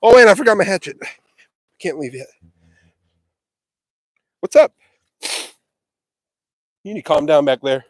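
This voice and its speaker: Self-mocking jokes come between breaths as a sweaty man works outdoors on a windy farm, streaming a casual live vlog on the phone he's carrying. His slightly high voice swings widely in pitch at a measured pace with frequent pauses. The audio is clean studio sound without room tone.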